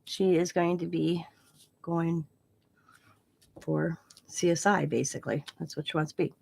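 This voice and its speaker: A woman's voice: fairly low pitch, steady tone, measured pace, vocal fry, darkish tone, slightly rough. An older woman from Wisconsin, a craft channel host, rambling through family stories while crafting and laughing at her own tales. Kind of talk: casual chat while crafting live.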